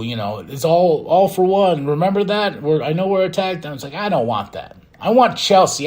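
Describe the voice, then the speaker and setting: A man hosting a podcast, recapping wrestling in a casual, excitable way and acting out quotes in loud bursts. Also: mid-range voice. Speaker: podcast host.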